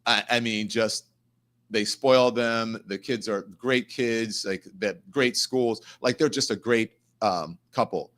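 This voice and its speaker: Indignant man telling a story. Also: lowish voice. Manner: animated, indignant storytelling with quick asides to the chat. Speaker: host. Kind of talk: livestream commentary and storytelling.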